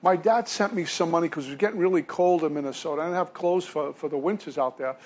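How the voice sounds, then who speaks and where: A man's voice: a little high, fast talker, darkish tone. A man from Brooklyn, telling his recovery story to a meeting from a podium in a self-deprecating way. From Brooklyn, New York. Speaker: recovery speaker.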